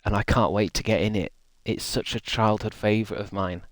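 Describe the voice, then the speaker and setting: A man's voice: lowish voice, steady tone, a little fast, no echo. A young man streaming live, rambling in casual chat and reading out his chat. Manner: rambling, chatty, reads and answers chat.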